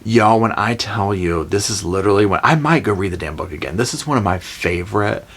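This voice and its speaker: A man's voice: on the low side, a little fast, breathy edge. A man, casually retelling a movie plot as a review host, acting out the lines. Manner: chatty, animated retelling with voiced quotes and "y'all". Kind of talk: casual storytime movie recap.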